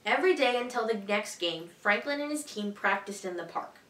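A woman teacher reading a children's picture book aloud in a clear, expressive, evenly paced way. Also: mid-range voice, a little fast, distant mic. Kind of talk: storybook read-aloud for children. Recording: echoey room, voice a bit off-mic.

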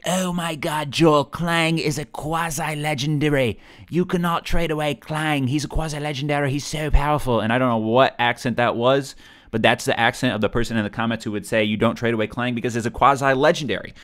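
A man's voice: on the low side, a bit bright, smooth. A young man hosting a gaming channel, chatting through his gameplay in a rambling, self-deprecating way. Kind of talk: video game commentary.

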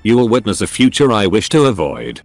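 A man's voice: on the low side, very animated, brisk, creaky. A synthetic male voice voicing a scheming ancient robot sorcerer who speaks formally and with menace, over faint music. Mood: cold. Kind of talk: synthetic storybook narration.

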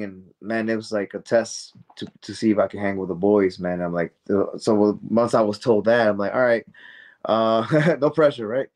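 A man telling stories as a guest in a casual interview, excitable and rambling, full of "man" and "dude". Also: lowish voice. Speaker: guest, professional wrestler.

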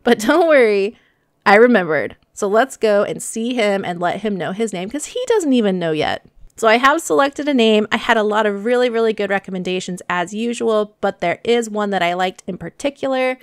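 A woman's voice: medium pitch, normal speed, clean tone, no room sound. Gushing young woman narrating gameplay. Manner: gushing, excitable, talks to her animals. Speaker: gaming channel host. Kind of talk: casual gameplay commentary. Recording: dry close mic with faint music.

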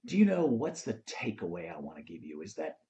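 A male host shares a motivational story with lively rises and falls in his pitch. He slips into the voices of the people in the tale as he goes. The audio sounds dull and slightly lo-fi. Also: fairly quick. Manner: animated storyteller, acts out quoted lines.

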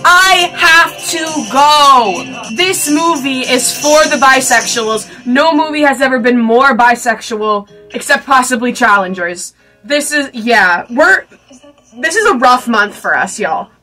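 A young woman in her twenties reacts to a movie in a casual vlog, gushing and excitable and swearing freely. Her voice sits a little high and jumps into shrieks when she gets worked up. Film music plays clearly behind her. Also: a little slow, poor audio. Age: 20s. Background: film soundtrack music.

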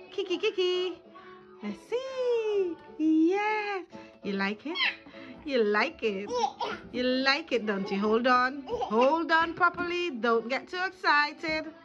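Play a mother cheering on her little son with a high, bouncing, sing-song voice, unhurried and full of giggles. The sound is a bit dull and muffled, and music plays clearly in the background. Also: bright, forceful tone. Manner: sing-song, playful baby talk with laughs. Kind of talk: home video chatter to a baby. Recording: slightly dull with music behind.

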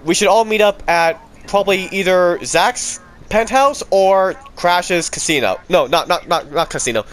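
A man bantering with friends over voice chat while gaming, animated and jokey. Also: sits high. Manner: animated, jokey, quick to laugh and exclaim. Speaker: gamer. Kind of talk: casual chat over game voice chat.

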